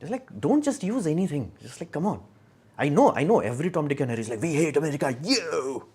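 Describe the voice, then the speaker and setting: A man's voice: on the high side, sing-song, fast, dark tone, breathy edge. A young man from India hosting a casual livestream, talking in a blunt, argumentative, rambling way. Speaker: live stream host.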